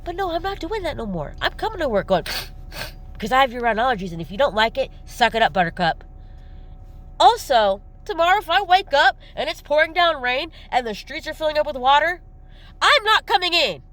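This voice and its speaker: A woman's voice: high voice, big pitch swings, a little fast. A woman vlogger ranting to her viewers, riled up, irritated and blunt, repeating her jeers. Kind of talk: ranting monologue to camera.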